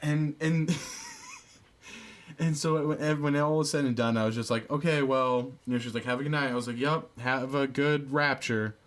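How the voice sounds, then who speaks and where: A man's voice: on the high side, fairly even intonation, moderate pace. A man co-hosting a podcast, telling a story in a rambling, incredulous way, with profanity and many fillers and restarts. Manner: incredulous, laughing retelling. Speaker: podcast co-host. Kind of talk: casual storytelling chat.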